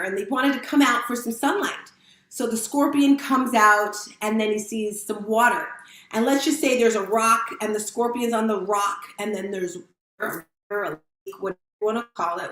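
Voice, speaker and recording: Woman motivational speaker on a live stream: casual, emotional, higher pitched, roomy sound. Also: fairly bright tone. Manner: candid, emotional, casual, addresses viewers as guys. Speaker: motivational speaker and fitness instructor. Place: room at home with lights set up. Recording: roomy echo.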